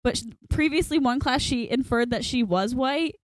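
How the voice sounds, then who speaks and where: A young woman with a slightly high voice rambles through a story in casual podcast chat. She giggles along the way, and the sound is close and dry. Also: moderate pace, no echo. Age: young adult. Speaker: podcast co-host.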